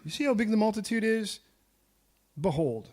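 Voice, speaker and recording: A patient, unbothered God who corrects a fretting believer in a calm, matter-of-fact way, played by a preacher in his own fairly high voice. He speaks low and settled. He is never ruffled. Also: normal speed.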